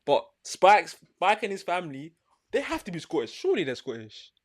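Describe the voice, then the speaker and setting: Insistent British man, fairly high voice. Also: a little fast. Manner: insistent, laughing, animated in argument. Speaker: podcast co-host. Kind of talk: casual chat.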